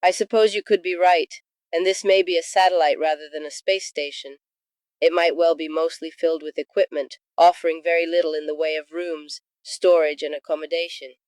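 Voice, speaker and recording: A man's voice: fairly high pitch, level tone, a little fast, clean tone, no room sound, voice pushed up, close to an everyday voice. A man voicing a clever female Time Lord with a sarcastic, slightly smug manner. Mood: dry.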